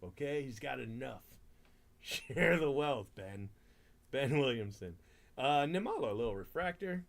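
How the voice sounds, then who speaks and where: A man's voice: mid-range voice, expressive, measured pace, gravelly. A man hosting a live card break stream, chatting casually, laughing often and rattling off player names.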